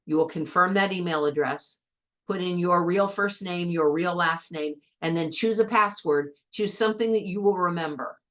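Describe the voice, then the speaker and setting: A woman's voice: fairly low pitch, normal speed, fairly bright tone. A woman teacher walking a class through an online biology lab step by step, in a chatty, patient way.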